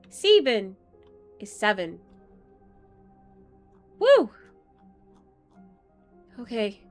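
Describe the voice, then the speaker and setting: A woman's voice: a little high, animated, slow pace, long pauses, soft background music. A young woman streaming a game, chatting casually and rambling with playful asides. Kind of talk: casual gaming stream chat.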